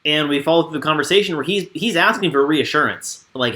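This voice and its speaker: A man co-hosting a casual recap show with a bright, forward tone. He reads from his notes and adds dry asides in a relaxed, chatty way. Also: on the high side, fairly quick. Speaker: co-host.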